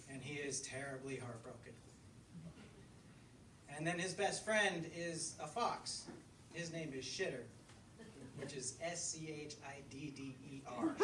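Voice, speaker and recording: A man with a fairly high voice reads his own story to a live audience in a bookstore. He sounds relaxed and chatty between passages. The mic sits far off in a roomy space with a clear hum of noise behind him. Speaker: author reading his fiction. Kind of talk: live reading at a book launch. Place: bookstore event room. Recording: echoey room, distant mic, crowd hum.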